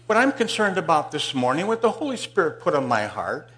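A male pastor preaching a sermon in a church, telling a Bible story and swinging from loud emphasis to hushed asides. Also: on the high side, sing-song, fairly quick.

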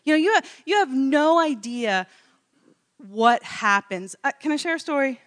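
A middle-aged woman telling a personal story in a casual interview, animated and laughing often. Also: high voice, normal speed.

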